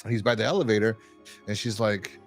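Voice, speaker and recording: A man's voice: lowish voice, brisk, faint music behind. A man co-hosting a casual review podcast, retelling scenes with lots of fillers and quoted lines. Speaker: podcast co-host. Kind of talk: casual chat.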